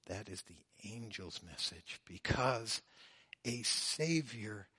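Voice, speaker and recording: A man preaching a sermon, swinging between loud, drawn-out emphasis and hushed, low phrases. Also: expressive, breathy edge, no echo, studio quality. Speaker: pastor.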